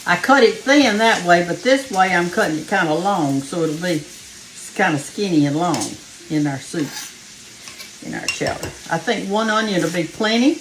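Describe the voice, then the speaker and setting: A Southern woman with a lowish, lively voice hosts a home cooking show at normal speed, chatting folksily and calling her viewers "y'all" as she cooks, a little out of breath. The casual demonstration happens in her home kitchen, with a faint frying sizzle, slight background noise and low recording quality.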